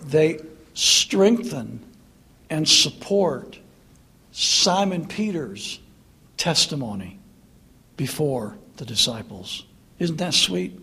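A male pastor delivering a sermon in an earnest, conversational way. His voice is husky and sits high for a man. He slips into wry, mocking asides. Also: lively intonation, slow, pauses often, sharp tone.

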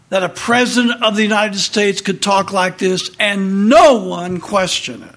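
A man's voice: high voice, measured pace, few pauses, fairly bright tone. A middle-aged man reading political commentary aloud, indignant and marking every quotation with "quote" and "close quote".

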